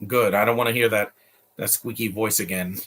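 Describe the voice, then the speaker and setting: A man's voice: lowish voice, fairly even intonation, brisk, fairly bright tone. Man, casual movie reaction talk, opinionated, chatty, offhand.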